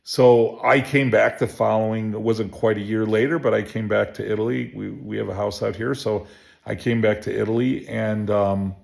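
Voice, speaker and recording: A chiropractor telling a personal story in a relaxed, rambling way, full of restarts and fillers. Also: male voice, lowish voice, moderate pace, gravelly. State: emotional. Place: home.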